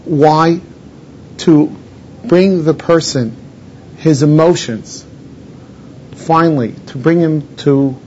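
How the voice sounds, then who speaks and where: A man, a rabbi, teaching a Torah lesson and explaining each Hebrew term in English. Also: a little mellow. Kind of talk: Torah lesson on mourning laws. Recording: dull lo-fi recording with faint rumble.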